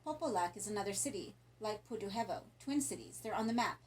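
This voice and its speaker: Woman voicing a dying foreign man, weak and soft. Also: high-pitched, expressive, a little hiss or hum, poor audio. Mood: riddling. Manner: thick foreign accent, slow and soft. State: weak, in pain.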